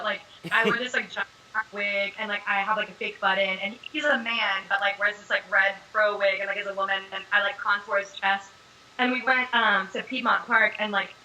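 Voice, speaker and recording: A young woman being interviewed as an actress, chatting casually and telling animated stories full of fillers. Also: mid-range voice, rough recording.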